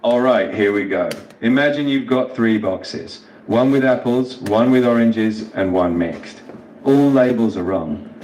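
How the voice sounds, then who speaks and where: A man's voice: medium pitch, measured pace, darkish tone, echoey room, a little hiss or hum, low-quality recording. An AI voice assistant speaking as a man, folksy and easygoing, calling the listener partner. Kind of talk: scripted chatbot replies.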